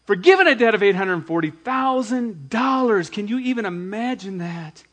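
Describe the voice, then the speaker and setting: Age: adult. Sex: man. Role: pastor. Style: sermon. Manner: animated preaching, retelling scripture with dramatic emphasis and quiet asides. Pitch: somewhat high. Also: moderate pace.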